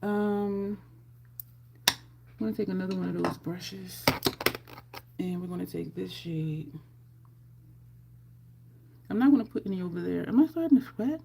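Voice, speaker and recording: A woman's voice: on the low side, unhurried, gravelly, long pauses, background noise. A woman chatting casually through a makeup tutorial at home, rambling into side stories as she goes. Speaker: makeup vlogger.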